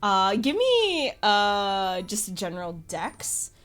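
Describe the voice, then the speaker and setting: A woman's voice: mid-range voice, sing-song, slow, a bit bright, soft background music. A woman narrating as game master of a tabletop game, rambling with many fillers and laughing often.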